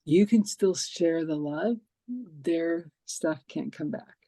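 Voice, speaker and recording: Podcast host lady, warm mellow tone, dry close sound, acts out her stories. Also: deep voice, takes it slowly, no room sound. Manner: lively storyteller acting out quoted dialogue. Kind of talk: casual interview chat.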